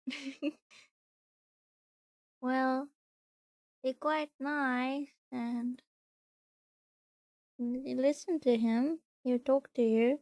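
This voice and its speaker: A woman streaming from home, chatting casually and cooing to her pet in soft baby talk. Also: high-pitched, steady tone, very slow, long pauses, dry recording. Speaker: VTuber streamer.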